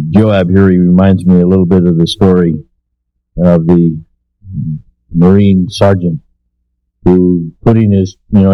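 Male preacher, low pitch, folksy anecdotal sermon delivery, dry slightly muffled recording. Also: dry recording. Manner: folksy storytelling, many uh fillers, voices characters.

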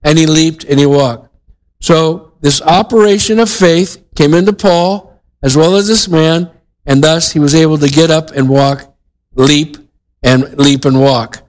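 A man's voice: on the high side, unhurried, low-quality recording. Conversational male pastor preaching. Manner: conversational preaching with frequent restarts and asides. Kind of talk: sermon.

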